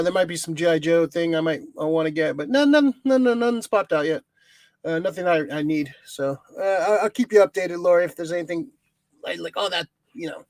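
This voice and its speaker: High-voiced casual male podcast host. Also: a little mellow, no echo. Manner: rambling, filler-heavy, swears casually. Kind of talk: casual chat.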